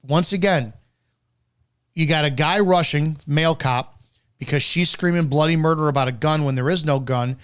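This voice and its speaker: A man hosts a live commentary show, reacting to news footage with blunt, profane rants. His voice sits a little higher than most men's. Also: normal speed, clean tone. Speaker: host.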